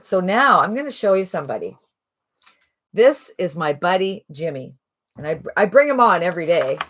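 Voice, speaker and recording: Rambling, chatty woman in her sixties. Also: lowish voice. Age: 60s. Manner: rambling and chatty, lots of fillers and restarts. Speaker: online marketing promoter. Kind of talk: casual sales pitch to camera.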